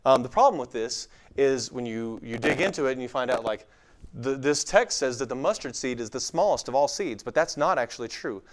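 Brisk and lively in intonation, this medium-pitched male voice belongs to a West Texas man with a slight accent who lectures casually on the Bible before a live audience. He talks conversationally, using frequent fillers and acting out quoted voices.

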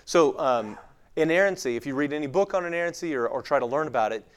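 His voice sits on the high side, fast, clear, and resonant, with lively intonation. A man with a light West Texas accent, he gives a laid-back Bible lecture to a live audience, speaking conversationally with plenty of fillers and acted-out quoted voices.

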